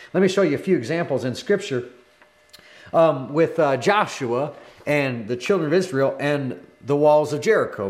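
A middle-aged man preaching a broadcast sermon in an animated, emphatic way, repeating phrases for effect. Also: a little high.

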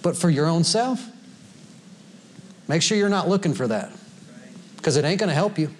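A man's voice: on the high side, animated, normal speed, slight background noise. A man preaching a sermon to a congregation in a folksy way, laughing often and quoting scripture. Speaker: pastor. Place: church sanctuary before a congregation.

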